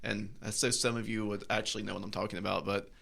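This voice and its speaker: A man's voice: fairly low pitch, flat delivery, quick pace, vocal fry, bright, forceful tone. A man co-hosting a casual soccer podcast, rambling and hesitant as he talks. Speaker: podcast co-host. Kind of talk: casual sports chat.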